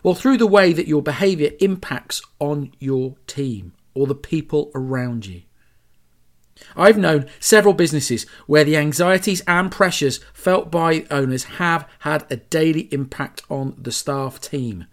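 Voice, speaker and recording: A man's voice: on the high side, a little slow. A man hosting a solo podcast, talking in a chatty, emphatic way with asides and self-corrections. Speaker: podcast host. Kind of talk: solo podcast talk on branding.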